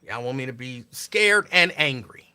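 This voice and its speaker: Bright, lively-voiced man riffing sarcastically. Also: medium pitch, normal speed, clear, resonant tone. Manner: preachy, repetitive, sarcastic. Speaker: host. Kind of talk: casual commentary.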